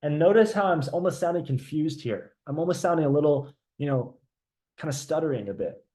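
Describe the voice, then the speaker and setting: A man's voice: fairly high pitch, fairly quick. A man leading a live online sales training. He talks with energy, keeps checking in with the audience and acts out sales calls to show how they go. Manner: energetic, repeats "right?" often, role-plays sales calls.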